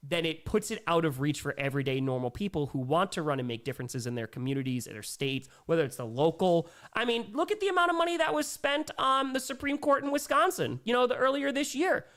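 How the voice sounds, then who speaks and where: Brief: young male streamer, slightly higher voice, emphatic casual Q&A host. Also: a bit bright. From New York. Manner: reads viewer messages aloud and reacts, emphatic and conversational. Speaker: livestream host. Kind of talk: casual livestream Q&A.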